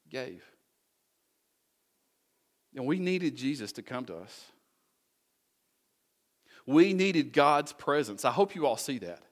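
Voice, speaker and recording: A man preaching a conversational sermon, asking rhetorical questions and making folksy asides to the congregation. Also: fairly high pitch. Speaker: pastor.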